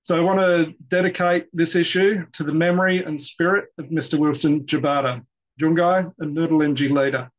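A man introduces an event, pausing often on fillers as he speaks. His voice sits a touch high for a man. The sound is dull and lo-fi, as if the top end has been cut away. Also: steady tone. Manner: hesitant, with many fillers. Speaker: event host and guest editor.

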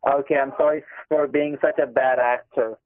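A man's voice: mid-range voice, steady tone, moderate pace, dry recording. A man on a phone call, pleading and insistently repeating "ma'am", heard through a tinny phone line. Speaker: scam caller on the phone.

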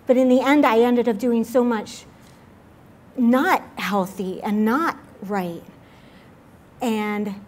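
A woman's voice: on the high side, a little mellow. A young woman giving an earnest personal testimony at a church service, talking in a confessional way with lots of filler words. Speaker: speaker at a church midweek service.

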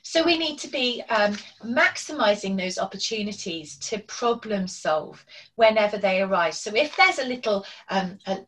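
A woman's voice: a little high, fairly bright tone. A woman presenting a parenting webinar online, explaining strategies and acting out examples. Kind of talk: online training talk. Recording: distant from the microphone.

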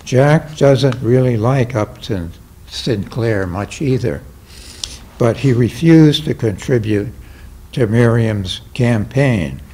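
An older man reads his own memoir aloud in a slow, deliberate way. His tone is mellow and relaxed, and he gives the quoted people only a light touch of voicing. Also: medium pitch. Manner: slow, measured reading with mild voicing of quoted characters. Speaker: memoir reader.

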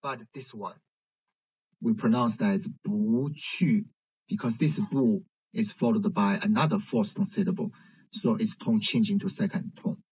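A man teaching a language lesson, explaining slowly and checking in with "right?". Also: lowish voice, steady tone, a little mellow, breathy edge. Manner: slow, careful explaining with frequent "right?" checks. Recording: dull lo-fi recording.

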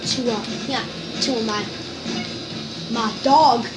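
Brief: woman gamer host, high voice, chatty and self-mocking over game music. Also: fairly even intonation, slow pace, poor audio. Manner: rambling, giggly, self-mocking, addresses viewers. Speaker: gaming video host. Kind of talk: casual let's-play commentary.

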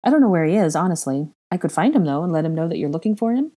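A woman's voice: lowish voice, big pitch swings, rapid-fire, mellow. A woman voicing a flustered young witch who speaks awkwardly and apologetically.

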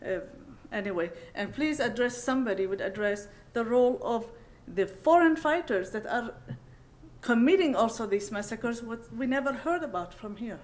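Audience woman, higher voice, impassioned and halting, keeps apologizing mid-question. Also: expressive. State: upset, emotional. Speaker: audience member asking a question. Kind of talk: emotional public question at a panel. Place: conference hall.

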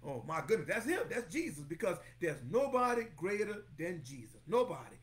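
A man whose voice sits high preaches a lively, sermon-style Bible lesson, expressive and at a moderate pace. He exclaims often and calls church members by name. He repeats phrases for emphasis and breaks into snippets of song.

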